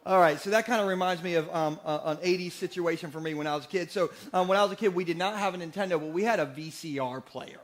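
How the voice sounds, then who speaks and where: A man in his forties preaching a sermon in a church, energetic and joking, often asking the congregation questions. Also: sits high, fast talker, few pauses. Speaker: pastor. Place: church sanctuary.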